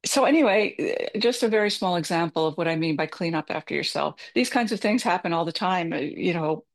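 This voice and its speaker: Woman, middle-aged, slightly low pitch, candid advice talk, self-deprecating, chatty fillers. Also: lively intonation, a little fast, gravelly. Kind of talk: personal advice talk with anecdote.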